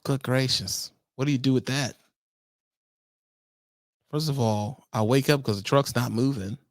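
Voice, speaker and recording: A man's voice: mid-range voice, measured pace, no room sound, clean studio sound. A man who trains truck drivers, ranting and lecturing in a casual vlog with slang, exasperated and preachy.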